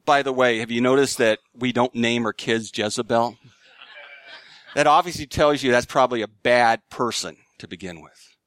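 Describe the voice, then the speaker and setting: A man preaching a sermon in an earnest style, rising to emphatic highs and dropping to hushed lows. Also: moderate pace, clear, resonant tone, no room sound. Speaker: pastor.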